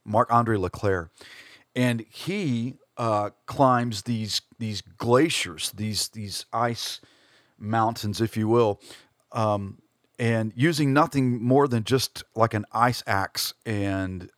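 Low-voiced hesitant male podcast host. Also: dry recording, studio quality. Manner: hesitant, many fillers and restarts. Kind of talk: casual reflective monologue.

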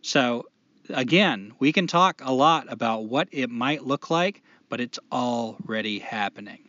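A man co-hosting a podcast in casual chat, profane and animated, rambling through his points. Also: mid-range voice, measured pace, no room sound. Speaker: podcast co-host. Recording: dull lo-fi podcast audio.

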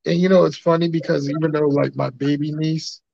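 Casual male podcast host, slangy, a bit higher voice, dry close mic. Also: little pitch movement, brisk, gravelly, a little mellow, no echo. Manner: laid-back slangy banter. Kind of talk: casual chat. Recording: dull lo-fi sound.

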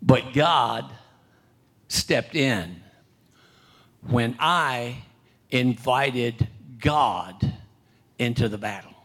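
Older man preaching a halting sermon. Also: animated. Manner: storytelling, halting with repeated restarts and throat-clearing; reads scripture louder and higher. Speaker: pastor.

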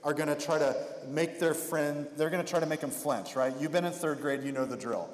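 A man's voice: fairly high pitch, a little fast. A male pastor preaching in a conversational way, slipping into the voices of the people he describes. His voice rings through a big hall with a long reverb tail. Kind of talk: expository sermon.

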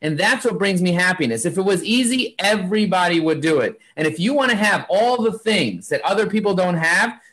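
A man talking as an interview guest in an energetic, preachy, motivational way, driving his points home with repeated lists. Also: sits high, a little fast, few pauses. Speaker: guest, marketing agency founder.

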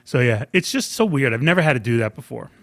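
A man's voice: mid-range voice, lively intonation, fast, gravelly, no room sound. A man from New York telling a story in casual chat. He acts out the people he quotes and laughs often. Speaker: podcast co-host.

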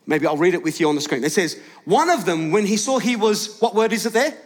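A male pastor preaching a lively sermon to his congregation, questioning the room and shouting at its peaks. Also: high-pitched, brisk. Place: large church hall with congregation. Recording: live church hall with long reverb.

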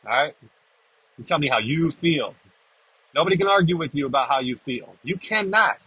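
A man's voice: on the high side, pushed and bright, slightly rough, dry recording, low-quality recording. A man hosting a recovery podcast, talking freestyle in a blunt, casual way, swearing and checking in with "right?" as he goes. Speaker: podcast host.

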